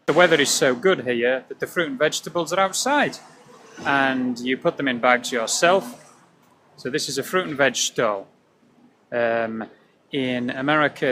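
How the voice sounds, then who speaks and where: A man's voice: medium pitch, fairly bright tone, a little hiss or hum, poor audio. A British man giving an English vocabulary lesson while walking down a city street, explaining at an easy pace with frequent ums. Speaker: English teacher.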